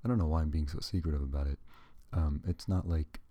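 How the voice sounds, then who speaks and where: Talking fast in an extremely low, warm voice with no echo, a man addresses the camera in a loose, meandering monologue. Jokey asides and repeated self-corrections punctuate his speech.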